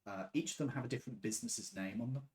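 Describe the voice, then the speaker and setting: A man's voice: mid-range voice, rapid-fire, darkish tone. A man narrating a tabletop game as game master, describing scenes with the odd filler.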